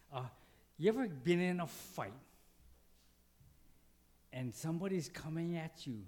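A man, a pastor, preaching a conversational sermon, asking the congregation questions and acting out little quoted exchanges with sudden jumps in his voice. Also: darkish tone. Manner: dynamic, acts out quotes with big pitch jumps.

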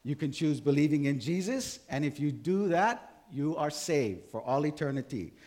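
A man's voice: on the high side, moderate pace. Laid-back pastor guy from hawaii, sixties, storytelling sermon, lots of ums. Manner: relaxed, conversational, many fillers.

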